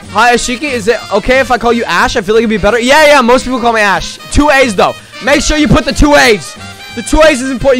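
His voice is extremely high-pitched, bright, and forceful. The man is a livestreamer in a casual chat, calling out viewers by name and milking mock shock with sarcastic exaggeration.

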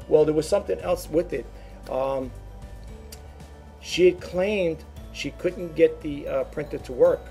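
A man's voice: fairly high pitch, measured pace, gravelly, long pauses, warm tone, faint music behind. A man who resells online, chatting casually to his viewers, rambling and repeating words as he goes. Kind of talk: casual talk to camera.

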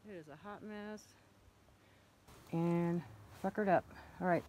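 A woman vlogging outdoors on a chilly mountain while walking her dogs, a bit out of breath, calling to them in a high sing-song voice. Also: slow pace, a little mellow, slight background noise. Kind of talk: casual vlog narration while walking dogs.

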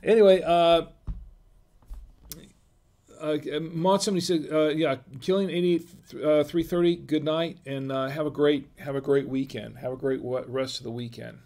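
A man's voice: a little high, steady tone, normal speed, warm tone. A middle-aged man hosting a wine livestream, chatting casually with many restarts and reading viewer comments aloud. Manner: rambling, many restarts and fillers; reads viewer chat aloud. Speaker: livestream wine show host.

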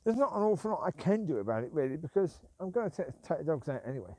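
His voice sits a little high and has a sing-song, slightly mellow quality, and he talks rapid-fire without echo. He's a vlogger grumbling and repeating himself in a rambling walk-and-talk as he takes his dogs out at night.

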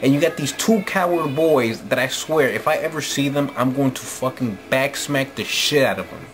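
A man's voice: mid-range voice, normal speed, a bit bright, faint music behind. A man from New Jersey ranting angrily and profanely into the camera late at night, often repeating "you know what I'm saying.". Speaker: vlogger. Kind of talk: late-night opinion rant.

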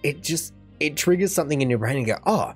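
A man's voice: a little high, expressive, quick pace, slightly rough, faint music behind. An Australian man hosting a reaction video, chatting casually and thinking aloud while he acts out other people's lines. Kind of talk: casual commentary.

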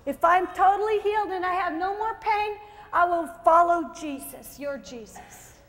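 A woman preacher quoting a man in pain in a lower, quieter voice as she retells the story. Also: moderate pace, in a large hall. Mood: earnest.

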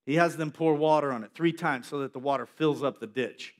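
A male preacher giving a sermon, telling a story in an animated way with acted-out voices. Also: a little high, brisk.

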